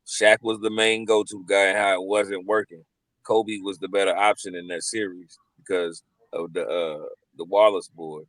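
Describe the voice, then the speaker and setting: A man's voice: deep voice, steady tone, normal speed, fairly bright tone, dry recording, rough recording. A man co-hosting a podcast, arguing sports in casual chat and repeating his points for emphasis. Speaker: podcast co-host.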